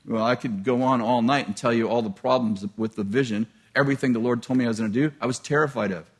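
A male preacher telling a personal story in a sermon, animated and self-deprecating, often laughing at himself. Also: mid-range voice, fast.

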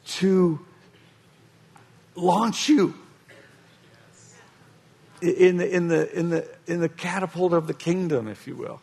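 A man preaching a sermon, with a husky voice, often restarting phrases and telling an animated story. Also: high-pitched.

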